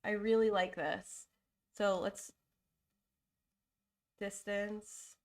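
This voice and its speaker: With fairly even intonation and drawn-out words, a young woman speaks at medium pitch. Getting over a cold, she hosts a relaxed live design stream, musing aloud with fillers and self-corrections, emotional and apologetic throughout.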